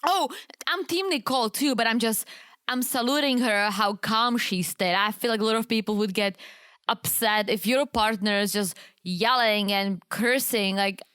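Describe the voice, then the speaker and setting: Animated high-voiced woman podcaster. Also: moderate pace, smooth, dry recording, studio quality. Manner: animated and exclaiming, laughs often. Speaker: podcast co-host. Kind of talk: casual chat recapping a reality show.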